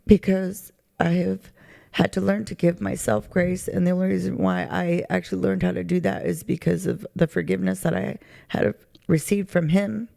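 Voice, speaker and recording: Woman, testimony interview: gravelly, dark tone, halting and emotional. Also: fairly low pitch, flat delivery. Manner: halting, searching for words, many fillers. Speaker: charity recipient sharing her testimony. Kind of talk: heartfelt personal testimony.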